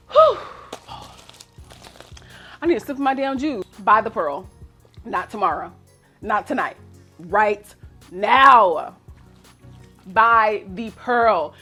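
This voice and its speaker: High-pitched woman self-help coach, cursing, preachy, loud one moment and muttering the next. Faint music underneath. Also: animated, measured pace. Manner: profane, emphatic, preachy; swings between loud exclamations and low mutters. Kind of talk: casual motivational monologue.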